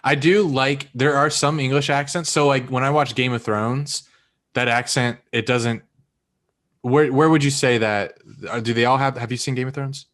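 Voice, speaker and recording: American man, podcast host, joking banter, casual chat, middle pitch. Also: fairly even intonation, normal speed, fairly bright tone.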